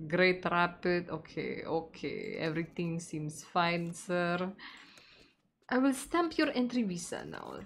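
A woman with an Indonesian accent streaming a game, casually chatting, reading the game text aloud and breaking into excited shrieks. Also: on the low side, slow pace, gravelly, a little hiss or hum. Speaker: VTuber streamer. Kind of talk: casual gameplay commentary.

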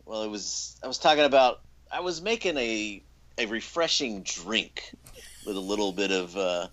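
A man's voice: on the low side, normal speed, a bit bright. A man co-hosting a podcast, talking in a wry, understated way with dry jokes. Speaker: podcast co-host. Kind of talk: casual podcast chat.

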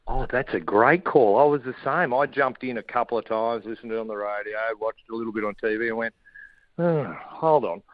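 A middle-aged Australian man speaks in an easygoing, joking way, spinning yarns as a radio guest. His voice comes over dry and close, with a slightly dull, muffled edge from his home setup in a shed. His pitch sits in an ordinary middle range. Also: steady tone, fast, few pauses, dry recording. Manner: laid-back, jokey storytelling. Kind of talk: casual chat.

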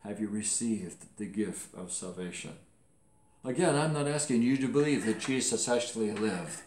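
A man preaching a sermon as pastor, earnest, slowing down to stress key phrases and dropping softer toward the close. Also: on the low side, slight background noise. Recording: echoey room.

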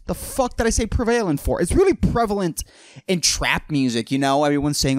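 A man's voice: a little high, animated, brisk, no echo. Profane ranting young man, dry close mic. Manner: profane, rambling, mocking, says "dude" constantly. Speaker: podcast host. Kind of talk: solo podcast rant.

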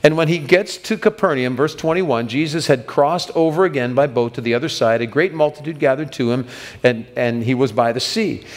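A man's voice: mid-range voice, brisk, in a large hall. A man preaching a sermon as pastor, retelling scripture in a casual storytelling manner and voicing the people in it. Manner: storytelling preacher, acts out quoted voices. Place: church sanctuary.

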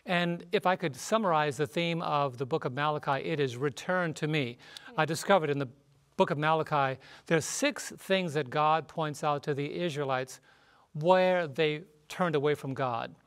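A man's voice: fairly high pitch, moderate pace, a bit bright, clean tone. A man teaching on a Bible study panel, reading verses with emphatic, rising emphasis. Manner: emphatic, rises sharply when quoting scripture.

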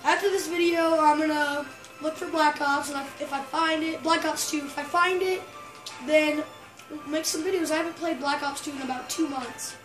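High, excitable female gamer voice. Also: moderate pace. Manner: excitable, bursts into shrieks and yells. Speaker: gameplay commentator. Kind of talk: casual gameplay commentary. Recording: roomy echo, faint music.

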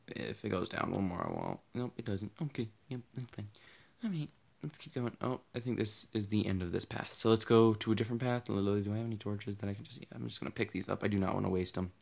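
Speaking fast in a lowish, creaky, darkish voice, a young gaming host gives expressive, casual Let's Play commentary. His voice is worn and partly gone from tiredness, and he rambles, startles easily, and makes jokes at his own expense.

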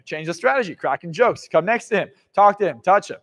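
Profane high-voiced male seminar speaker. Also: expressive, fairly quick, few pauses. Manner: blunt, profane, swings from loud to hushed. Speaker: motivational speaker. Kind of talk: live motivational seminar talk.

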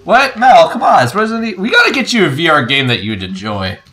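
A man playing a horror game and talking casually, excitable and swearing, yelping when something startles him. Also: on the high side, quick pace. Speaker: let's play gamer. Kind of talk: casual gameplay commentary.

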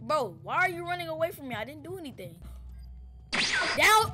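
Woman, gaming commentary, very high voice, big swooping pitch, noisy background. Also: moderate pace, loud music behind the voice. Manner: excitable, shouts and laughs at teammate, slangy. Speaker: gaming YouTuber. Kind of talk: gameplay commentary.

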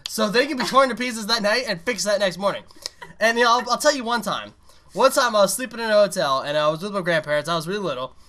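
A man co-hosting a gaming chat, explaining absurd theories with mock seriousness and loud acted outbursts. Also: high-pitched, lively intonation, quick pace. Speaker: gaming channel co-host. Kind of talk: casual comedic chat.

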